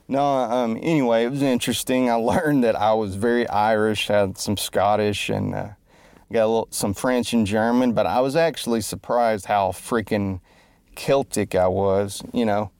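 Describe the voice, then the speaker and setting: A man's voice: fairly low pitch, fairly even intonation, moderate pace, darkish tone, smooth, no echo. A man who calls himself a musician and entertainer rambles through a joking, self-deprecating monologue and keeps losing his train of thought. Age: adult, grew up before the internet. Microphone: close mic.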